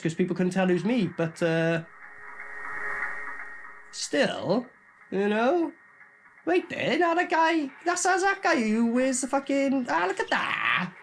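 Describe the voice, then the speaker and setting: Animated sweary man reviewing a film. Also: very high voice, slight background noise. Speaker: movie reviewer. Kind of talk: casual reaction commentary.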